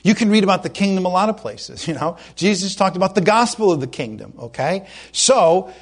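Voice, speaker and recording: A man preaching a sermon, fervent and emphatic, who slows down to read scripture and stumbles over his words when worked up. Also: sits high, very animated.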